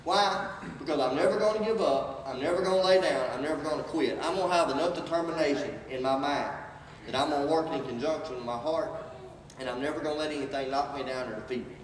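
A man's voice: on the high side, fast talker. Man, motivational speaker, preacher-like delivery, roomy reverberant hall, distant mic. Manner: preacher-like call and response, rising to emphatic peaks. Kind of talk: inspirational speech. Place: large hall. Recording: echoey hall from far off.

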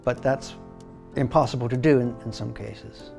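Man, gravelly, mid pitch, plain, explanatory. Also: steady tone, moderate pace, darkish tone, soft background music. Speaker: interviewee. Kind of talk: documentary interview.

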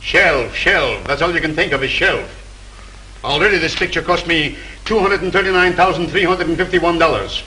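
Excitable penny-pinching male producer, bright and higher-pitched, 1930s film. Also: moderate pace, a little hiss or hum, rough recording. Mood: grumbling. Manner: excitable, complaining about cost.

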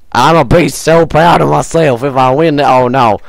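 A man's voice: medium pitch, normal speed, gravelly, no echo. A man giving goofy let's-play commentary, talking to the game character and repeating his own jokes. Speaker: gaming video host.

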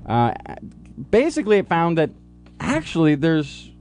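A man's voice: a little high, huge pitch swings, unhurried, darkish tone, soft background music. A man co-hosting a college radio science talk show, joking and reading with playful drama. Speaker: co-host.

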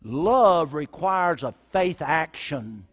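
Impassioned high-voiced preaching man. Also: lively intonation, takes it slowly. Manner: impassioned preaching that swings from shouts to near whispers. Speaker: pastor. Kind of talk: sermon. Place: church sanctuary with a congregation. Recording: reverberant church hall.

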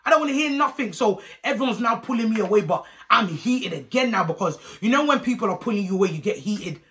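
A young woman tells a story for her vlog, her voice bright and ringing. She is animated and swears freely, slipping into the voices of everyone in the tale. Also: mid-range voice, quick pace, a little hiss or hum. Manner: animated, profane, acts out every character. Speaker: vlogger.

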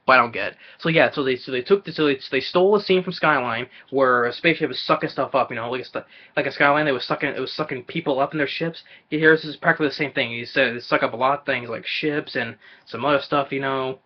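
A movie reviewer vlogger rants in a trailer reaction video, stumbling, restarting and repeating himself in exasperation. He's a fast-talking man with a medium-pitched voice, on a dull lo-fi recording.

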